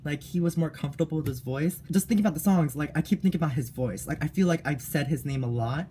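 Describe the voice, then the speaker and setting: A young woman giving a gushing, animated fan reaction in a casual vlog. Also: low-pitched, fast talker, a little hiss or hum. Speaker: YouTube reactor.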